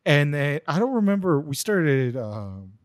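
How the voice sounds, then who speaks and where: A man's voice: on the high side, big pitch swings, a little slow, no room sound, clean studio sound. A young man co-hosting a podcast, telling a story in a rambling casual way with many fillers. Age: young adult. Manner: rambling, lots of likes and ums. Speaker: podcast co-host. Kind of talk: casual chat.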